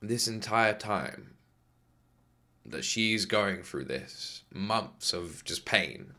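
British male reaction host, lower pitch, bright tone, loose rambling delivery. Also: lively intonation, very slow. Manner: rambling, filler-heavy, emotional. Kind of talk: casual reaction commentary.

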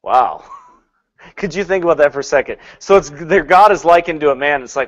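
A male preacher with a fairly high voice delivers a sermon. He swings from loud bursts to hushed asides and laughs often. He mocks what others say with put-on quotes. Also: animated, moderate pace, highs cut off.

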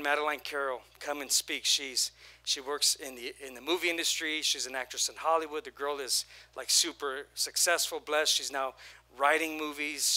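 A man preaching a sermon as pastor, energetic, with repeated phrases and call-and-response, his voice prone to going hoarse. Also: a little high.

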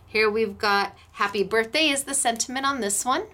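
A woman's voice: fairly high pitch, moderate pace, sharp tone. A middle-aged woman hosting a casual craft demo, chatty and gushing, laughing often. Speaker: craft show host.

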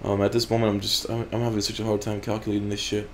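A man's voice: lowish voice, completely flat delivery, very fast, a little hiss or hum. Profane, blunt gaming-channel man. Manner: profane, blunt, frequent swearing. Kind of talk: casual gameplay commentary.

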